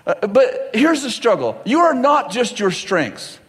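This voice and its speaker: A man's voice: extremely high pitch, big pitch swings, a bit bright. A man preaching a humorous sermon before a live audience, laughing often and acting out the dialogue of the story he tells. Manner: jokey, laughs often, acts out dialogue in quick voices. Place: large church hall before a live audience. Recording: reverberant hall with faint audience and noise.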